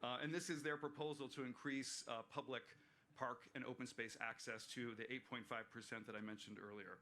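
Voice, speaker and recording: A man's voice: mid-range voice, fairly even intonation, brisk, sharp tone, slight background noise. A man presenting plans at a community meeting, earnest and explanatory, with fillers and restarts. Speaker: park planner presenting. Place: waterfront venue, livestreamed meeting.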